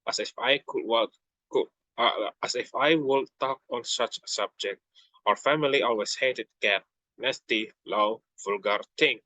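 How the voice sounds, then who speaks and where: A young man voicing an easily offended little mouse in a storybook reading, indignant and shrill. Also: a little slow, bright, forceful tone, no room sound, rough recording.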